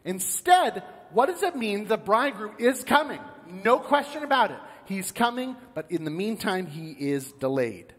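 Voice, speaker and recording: A man's voice: sits high, normal speed, hardly any pauses, slightly rough, in a large hall. A man preaching a sermon as pastor, telling stories and acting out the parts of a joke. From United States. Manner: storytelling, animated, acts out characters in a joke. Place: church sanctuary.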